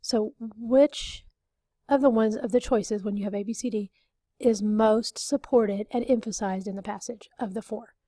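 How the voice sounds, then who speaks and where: A woman's voice: mid-range voice, fairly even intonation, normal speed, mellow, no echo, studio quality. A woman teacher explaining reading test questions, patiently repeating and rephrasing each point in a recorded lesson.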